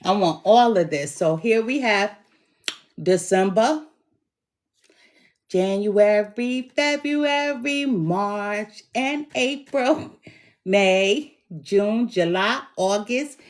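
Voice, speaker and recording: A middle-aged woman giving a tarot reading in an emphatic, encouraging way, her voice hoarse from bronchitis. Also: medium pitch, slow, pauses often. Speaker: tarot reader.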